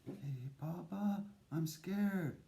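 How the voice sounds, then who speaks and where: Man doing a timid little boy, hushed and pleading, slow. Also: sits high, animated, creaky, heavily acted. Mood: scared.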